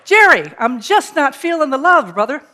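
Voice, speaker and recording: A woman voicing a brash male pro football player, loud and insistent as he demands money. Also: high-pitched, lively intonation, moderate pace, in a large hall, voice pushed up. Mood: demanding.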